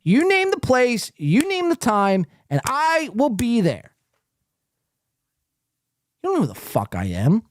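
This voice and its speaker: A man's voice: very high voice, huge pitch swings, takes it slowly, pauses often, dry recording, studio quality. A man hosting a live podcast, reading chat comments aloud and ranting at a viewer in a profane, confrontational, taunting way. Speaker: podcast host.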